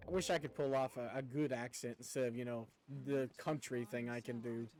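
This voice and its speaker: This young streamer, carrying a slight rural Southern twang, rambles casually with his viewers while gaming and swears every so often. He speaks a little fast at medium pitch with fairly even intonation and a darkish tone, in a low-quality recording.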